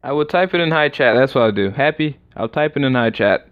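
A young man casually commenting on a game during a livestream, excitable and rambling as he reacts aloud. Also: mid-range voice, fairly quick. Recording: slightly dull lo-fi recording.

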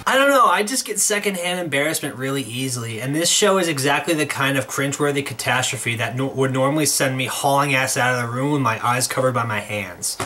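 A man's voice: mid-range voice, lively intonation, fairly quick, hardly any pauses, bright, forceful tone, soft background music. A young man narrating a scripted comedic video review, sarcastic, with exaggerated outbursts.

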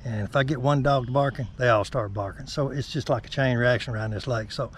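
A man hosting a fishing vlog outdoors by a lake, talking softly and folksy to his viewers. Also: mid-range voice, fairly quick, slight background noise. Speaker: fishing channel host. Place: outdoors on the bank of a small neighborhood lake.

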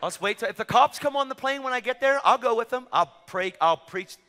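A middle-aged man preaching, telling a story with acted-out dialogue and bursts of shouting. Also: very high voice, a little fast. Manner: excitable, acts out dialogue, rising to shouts. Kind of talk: sermon storytelling. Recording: long reverb of a large hall.

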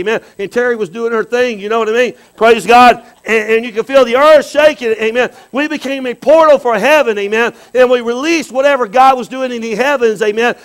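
A man, preaching a sermon as bishop, animated and repetitive, calling out for amens from the congregation. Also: very high voice, low-quality recording.

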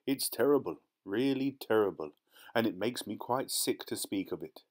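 A man's voice: fairly low pitch, animated, normal speed. A man doing a fussy fake clergyman lecturing. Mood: indignant. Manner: lecturing, indignant, precise. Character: smooth, fussy fake clergyman antiques dealer, middle-aged man.

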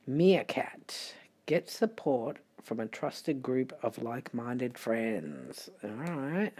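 Middle-aged Australian tarot reader, sleepy, mellow and husky, unhurried chatty delivery. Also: medium pitch, very animated. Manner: chatty and rambling, with muttered asides. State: sleepy, late at night. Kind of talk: casual tarot reading.

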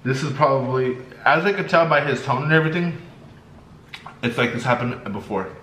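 A young man vlogging while eating, telling a story in a lively way and acting out the people in it. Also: medium pitch, a little fast. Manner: animated, acts out the people in his story. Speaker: mukbang vlogger. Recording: echoey room, faint background noise.

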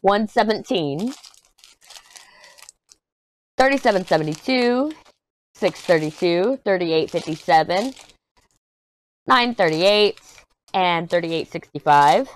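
A woman chatting casually and excitedly through a diamond painting unboxing. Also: fairly low pitch, slow pace, pauses often. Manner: chatty, excited, hums while working. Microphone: desk mic.

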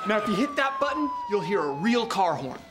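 An actor playing a young, goofy, careless big brother with a loud, excitable way of talking. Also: male voice, high-pitched, fairly quick. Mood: proud. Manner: loud, excitable, often shouting. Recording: noisy sitcom audio with studio audience laughter.

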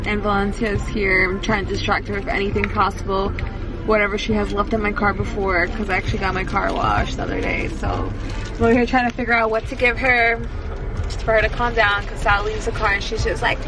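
A woman's voice: medium pitch, poor audio. A woman vlogging casually as a mother, chatty and often saying "like". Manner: chatty, leans heavily on "like". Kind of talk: casual vlog chat. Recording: background music over voice.

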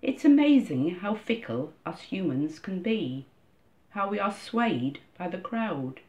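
A woman's voice: lowish voice, very animated, darkish tone. Woman reading a church reflection. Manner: measured, storytelling delivery. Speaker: church reader. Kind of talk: scripted first-person reflection reading. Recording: dull lo-fi recording.

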